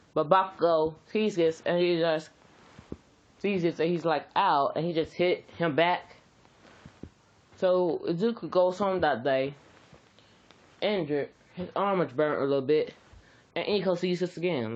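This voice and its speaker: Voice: mid-range voice, muffled recording. A storyteller improvising a fan-fiction story in a rambling, casual way, repeating words and using slang.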